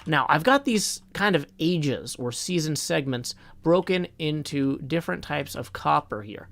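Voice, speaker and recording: Male streamer with a slightly high voice, folksy and upbeat, casual live chat with viewers. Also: lively intonation, a little slow, creaky, a bit bright.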